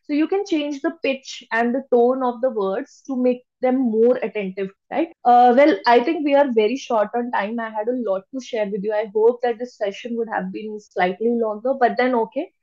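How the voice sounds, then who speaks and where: Woman trainer, fairly high voice, emphatic pitch shifts, muffled lo-fi online audio. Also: mellow. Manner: emphatic, deliberately shifts pitch to stress words. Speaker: public speaking trainer. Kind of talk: lecture to an online audience.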